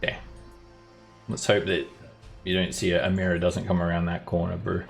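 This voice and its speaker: A man running a tabletop game as dungeon master, relaxed and chuckling as he talks over his players. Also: sits low, a little fast, creaky, faint music behind.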